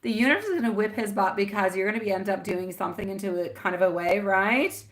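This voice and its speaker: A woman's voice: medium pitch, fast talker. A woman hosting a live tarot reading, chatty and giggly, calling her viewers sweetie and my love. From France.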